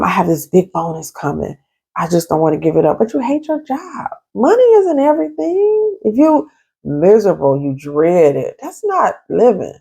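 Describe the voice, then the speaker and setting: A woman's voice: on the low side, gravelly, mellow. A woman who works as a therapist and life coach, talking straight to her viewers at home in a stern, emphatic way. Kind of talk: casual advice vlog. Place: at home in an apartment.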